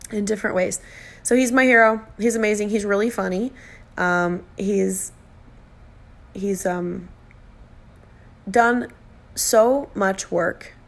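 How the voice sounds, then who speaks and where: A middle-aged woman hosting her own podcast, talking in a heartfelt, emotional way with bits of self-deprecating humor. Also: mid-range voice. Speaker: podcast host. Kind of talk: personal podcast monologue.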